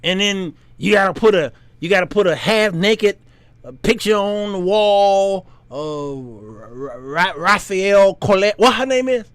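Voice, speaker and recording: A man hosting his own show, telling a story, acting out the other voices and squeaking high when surprised. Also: animated, unhurried, fairly bright tone, clear, resonant tone, dry recording. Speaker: host. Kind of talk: casual storytelling monologue.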